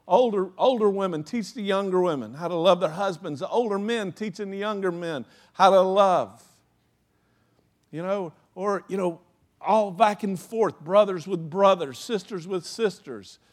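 Higher-voiced man preaching conversationally. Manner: conversational preaching, frequent "you know"; acts out anecdotes with laughing asides. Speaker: pastor. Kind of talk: sermon.

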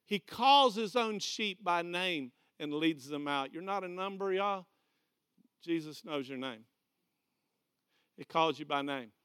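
A man's voice: on the high side, expressive, a little slow, pauses often, fairly bright tone, clean tone. A man with a Southern American accent preaching a folksy, conversational sermon in a church hall. He repeats key phrases and directs volunteers. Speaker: pastor. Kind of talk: folksy sermon with a live demonstration.

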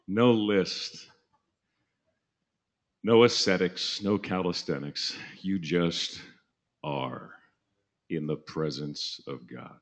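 Low-voiced male preacher, laid-back and jokey, tells stories and does voices. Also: slow, pauses often. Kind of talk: sermon storytelling.

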